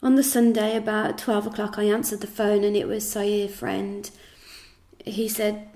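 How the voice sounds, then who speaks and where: A woman reading out a statement in a flat, steady recounting manner. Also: mid-range voice, unhurried.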